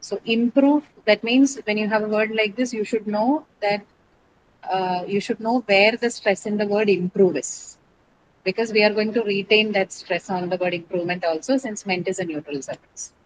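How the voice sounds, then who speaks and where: A woman's voice: medium pitch, fairly even intonation, normal speed, background noise. A woman teaching an English class, explaining word stress step by step, spelling out letters and asking her students questions.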